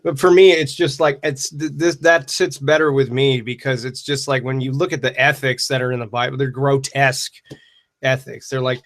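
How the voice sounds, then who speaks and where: A man hosts a loose livestream Q&A, with a wry, rambling delivery full of swearing. His voice sits at an ordinary middle pitch. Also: little pitch movement, normal speed, fairly bright tone. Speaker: livestream host answering viewer questions. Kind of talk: casual livestream chat.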